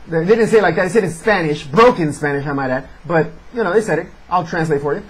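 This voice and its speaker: A man reviewing a wrestling show in casual chat, sarcastic and animated as he recaps. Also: on the high side, fast talker, hardly any pauses, husky, poor audio.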